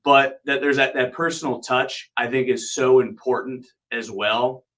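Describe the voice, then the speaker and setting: A man's voice: mid-range voice, steady tone, measured pace, fairly bright tone. A man guest in an interview, speaking earnestly and with appreciation. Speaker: guest, wrestling commentator. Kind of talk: casual interview.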